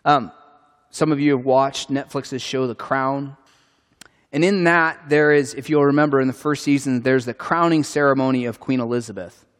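A male pastor preaches in an earnest, conversational way, now and then restarting a phrase as he builds his point. His voice sits at an ordinary middle pitch. A long reverb trails off each line, as in a large church sanctuary. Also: steady tone, normal speed. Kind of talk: sermon.

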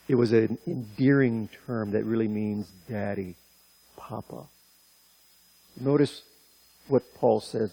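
A male preacher delivering a sermon, impassioned and speaking directly to his listeners, pushing his voice higher and louder on key points. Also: slow, creaky, long pauses, no echo, rough recording. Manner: impassioned, rising in pitch and loudness on key points.

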